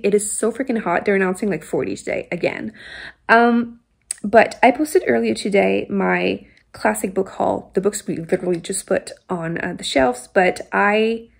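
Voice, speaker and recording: A French Canadian woman talking straight to her viewers in a relaxed book vlog. Her voice has a gravelly, husky edge, and she chats and vents freely, full of fillers and little laughs. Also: mid-range voice. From Quebec, Canada. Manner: chatty and venting, with frequent laughs and fillers. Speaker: book vlogger. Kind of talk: casual vlog chat.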